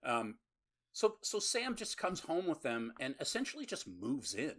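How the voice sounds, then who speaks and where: Husky, animated man rambling in casual chat. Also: fairly high pitch, unhurried. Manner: rambling, profane and laughing. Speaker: podcast co-host. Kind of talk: casual chat recapping a horror movie.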